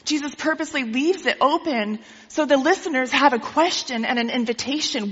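A woman preacher who tells a parable in a lively way during a sermon and keeps checking in with her listeners. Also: high-pitched, brisk, few pauses. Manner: lively storytelling, asks listeners questions. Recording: dull with long hall reverb.

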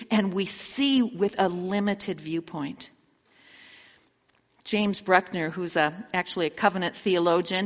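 A woman's voice: medium pitch, big-room sound, dull audio. A woman preaching a sermon, retelling the story dramatically and asking her listeners direct questions.

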